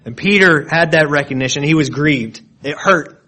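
Man, preacher, expository sermon, slightly high voice, earnest teaching tone, frequent restarts. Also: normal speed, bright, forceful tone. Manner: explains word meanings, earnest and searching; restarts and repeats words often.

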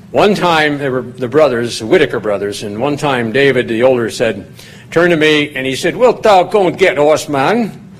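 A man at a medium pitch gives a relaxed, rambling sermon, chatting through the background of a passage. When he reads the verses aloud, his voice climbs higher and grows louder. A faint hum of room ambience sits behind him. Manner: folksy and digressive, rising in pitch and volume when reading scripture aloud. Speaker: pastor teaching a Bible study. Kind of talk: conversational sermon.

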